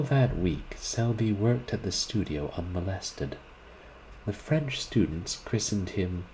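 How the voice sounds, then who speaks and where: A man reading a classic short story aloud, in a deliberate, expressive manner, shifting his voice for the characters. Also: sits low, slight background noise, low-quality recording.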